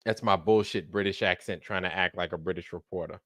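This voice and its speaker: A man's voice: deep voice, fairly even intonation, fairly quick, a bit bright, no echo, clean studio sound. A man hosting a livestream, chatting casually with joking, profane banter. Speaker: livestream host. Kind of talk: casual chat.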